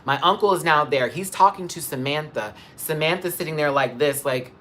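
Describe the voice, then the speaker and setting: Speaking into a phone camera on a live stream, a man with a fairly high, pushed and bright voice retells a story in detail at a moderate pace. He is emphatic and swears as he goes.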